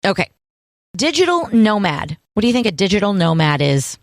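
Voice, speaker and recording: A woman co-hosting a radio show, running through items in a brisk, list-reading way. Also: medium pitch, sing-song, dry recording. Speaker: radio co-host. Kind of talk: morning radio show chat.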